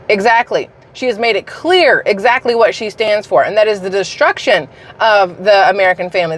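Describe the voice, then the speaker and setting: A woman's voice: mid-range voice, fairly bright tone. A woman ranting about politics in a heated, blunt and profane way, addressing her viewers directly. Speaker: political commentary vlogger.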